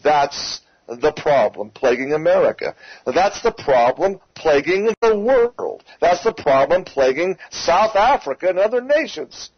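A man's voice: a little high, very animated, a little slow, slightly rough, no room sound, lo-fi sound. A man hosting a talk radio show, delivering an emphatic, ranting opinion monologue and repeatedly calling his listeners folks.

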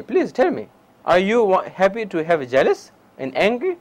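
Nepali guy giving a meditation talk, high voice, broken english, lots of huh?. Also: rough recording. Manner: non-native English, animated anecdotes, frequent "huh?" asides. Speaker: meditation teacher. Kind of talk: public dharma talk. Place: lecture hall before an audience.

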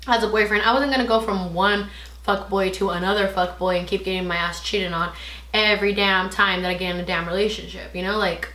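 With a mid-range voice and a roomy sound, a young woman vlogger animatedly recounts a personal story in casual chat, cursing freely and performing what people said.

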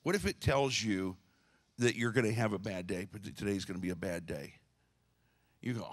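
A man's voice: on the low side, lively intonation, normal speed. A male pastor giving a casual, joking sermon to his church, with many restarts. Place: church sanctuary.

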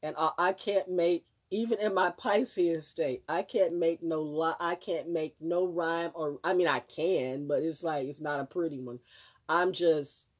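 A woman's voice: low voice, fairly even intonation, a little slow. A woman hosting a live stream, talking casually in a rambling, emphatic way with frequent swearing and restarts. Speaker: livestream host.

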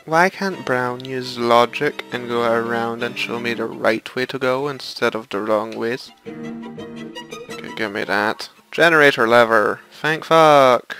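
A man with a gravelly, fry-edged voice swears his way through a let's play, exasperated and muttering to himself. His pitch leaps and dips all over the place while he talks at an unhurried, drawn-out pace. Violin-heavy game music plays clearly behind him. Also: sharp tone, low-quality recording. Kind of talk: profane gaming commentary.

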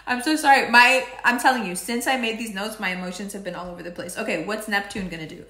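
A woman's voice: mid-range voice, fast talker, hardly any pauses, sharp tone. Chatty woman reading horoscopes, echoey room. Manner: playful, chatty, tangents and swearing. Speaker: astrology and tarot reader. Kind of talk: casual monthly horoscope reading.

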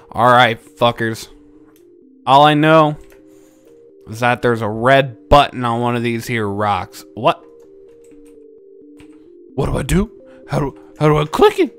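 A young man doing profane, jokey let's play commentary, swinging from mumbles to loud yells and laughs. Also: mid-range voice, expressive, unhurried, long pauses, clear, resonant tone. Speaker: gaming YouTuber. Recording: game music underneath.

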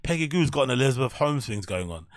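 A man's voice: medium pitch, very animated, fast talker, no room sound, clean studio sound. A man hosting a podcast, giving blunt, rambling, sweary commentary in a casual chat. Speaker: podcast host.

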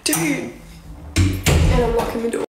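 A scared young woman with a fairly high voice talks into her phone on a live stream, breathless, jittery and near tears. She keeps slipping into hushed whispers and swears a lot. The room echoes, and steady background noise sits under her voice. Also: takes it slowly. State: frightened, on the verge of tears. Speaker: livestreamer. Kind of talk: casual livestream chat. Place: her home at night.

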